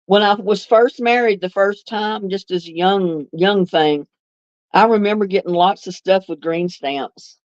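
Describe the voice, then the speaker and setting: Chatting on her livestream, an older North Carolina woman reminisces and reads viewer comments, laughing easily; her accent is Southern blended with some Northern. Her mid-range voice is unhurried, and the lo-fi audio has no room sound.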